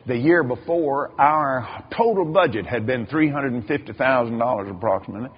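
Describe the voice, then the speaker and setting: A man's voice: medium pitch, moderate pace, slight background noise. An older man preaching a sermon, telling stories with repeated words and acted-out quotes. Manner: animated storytelling, acts out quoted voices, repeats words. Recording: dull lo-fi recording.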